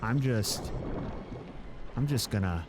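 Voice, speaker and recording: A man's voice: on the low side, slow, background noise. A man streaming a game live, commenting as he plays, often yelping and exclaiming in surprise. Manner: excitable, yelps and exclaims often.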